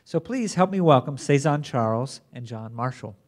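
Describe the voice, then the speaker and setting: A man acting as conference moderator, introducing the plenary speakers in a measured way with occasional restarts. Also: medium pitch, expressive, a little hiss or hum. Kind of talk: formal introduction.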